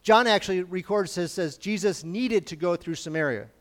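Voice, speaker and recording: A man's voice: sits high, normal speed. A man preaching in a conversational Bible-teaching style, informal and often checking in with his listeners.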